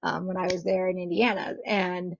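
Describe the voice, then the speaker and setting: A woman's voice: on the low side, little pitch movement, moderate pace, gravelly, no echo. A young woman telling a chatty vlog story, giggling often and acting out what people said. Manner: giggly, chatty, full of fillers and quoted voices. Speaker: vlogger. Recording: dull lo-fi home recording.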